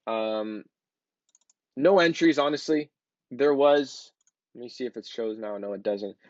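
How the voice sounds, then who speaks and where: A trading educator walks viewers through charts in a casual screen-share, speaking at a measured pace in a medium-pitched voice. He's loose and chatty, with plenty of ums and filler words. The sound is lo-fi.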